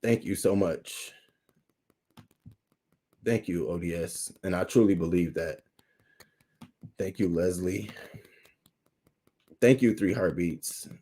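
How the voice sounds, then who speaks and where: Man, low voice, livestream host, candid, choked up, thanking chat. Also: slow pace, pauses often, warm tone, slightly rough. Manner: candid, emotional, reading and thanking chat names. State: holding back tears. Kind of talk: emotional livestream talk to chat.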